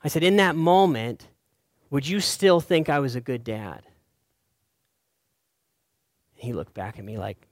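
A middle-aged male pastor preaching a sermon, telling a story in a voice that swings from soft and hushed to loud and urgent. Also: mid-range voice, expressive, a little fast, no echo, studio quality.

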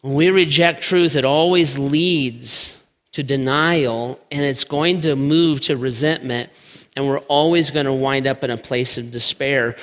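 A man preaching a sermon in a church. He is emphatic and slows down to give weight to key words. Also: mid-range voice, fairly bright tone. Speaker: pastor. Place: church sanctuary. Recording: long church hall reverb.

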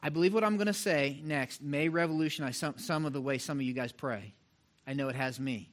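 A middle-aged man preaching a sermon as pastor, animated and talking straight to the congregation, acting out little voices to make his points. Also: a little high, a little fast. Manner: animated, mimics voices for illustration, direct address to congregation.

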